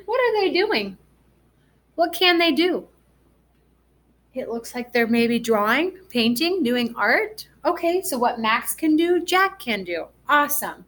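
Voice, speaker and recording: A woman teaching a first grade class through a recorded reading lesson, speaking gently and asking the children encouraging questions. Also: high voice, big pitch swings, slow pace.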